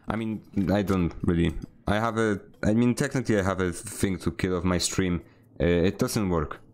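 A man's voice: sits low, steady tone, normal speed, a little mellow. A young man, streaming a game and barking short voice commands, sarcastic and easily annoyed. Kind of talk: casual gameplay streaming with voice commands.

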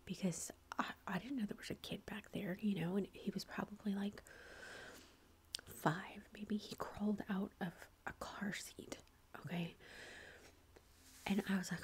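A woman's voice: mid-range voice, fairly even intonation, a little slow, long pauses. A woman whispering a long rambling story as an ASMR chat, with lots of fillers. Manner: breathy whispering throughout. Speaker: ASMR creator.

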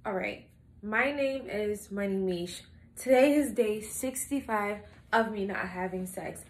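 A woman's voice: mid-range voice, unhurried. A young woman talking in a casual confessional vlog, blunt and swearing, acting out her own lines as she tells stories. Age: young adult. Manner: animated storytelling, acting out her own quotes. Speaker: vlogger. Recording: echoey room with faint ambient noise.

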